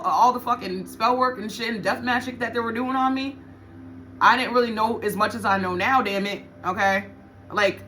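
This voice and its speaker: A woman with a slightly high, pushed and bright voice does a casual tarot reading for her viewers, with slight background noise behind her. She's blunt and profane, repeating points often for emphasis.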